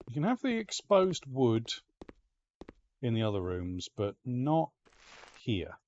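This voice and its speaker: A man with an Ulster Scots accent chats his way through a game, muttering to himself and tossing in the odd swear. His pitch swoops up and down, and the recording sounds a bit dull and lo-fi. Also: a little mellow, a little hiss or hum. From Northern Ireland. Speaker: game streamer. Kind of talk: casual let's-play commentary.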